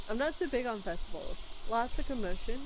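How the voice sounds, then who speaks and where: A woman's voice: on the high side, background noise. A woman streaming a cozy game, chatting casually, often squealing and laughing. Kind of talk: casual gaming stream chat.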